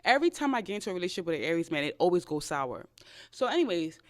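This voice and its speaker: Animated young woman telling stories. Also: very fast. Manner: animated, swings between loud exclamations and low asides. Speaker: podcast host. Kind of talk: casual storytelling chat.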